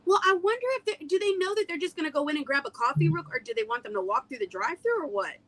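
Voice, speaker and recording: Chatty woman host, high bright voice, live stream from home. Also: animated, rapid-fire, no room sound, poor audio. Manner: chatty, flustered, apologetic. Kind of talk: casual live-stream chat. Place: home, at a computer. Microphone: phone as camera.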